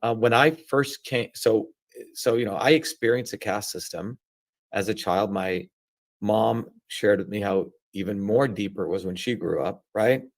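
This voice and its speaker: A man's voice: on the low side, normal speed. A man in his seventies from India, explaining things bluntly as an interview guest and often checking in with "okay?" and "right?". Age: 70s. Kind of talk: casual conversational interview.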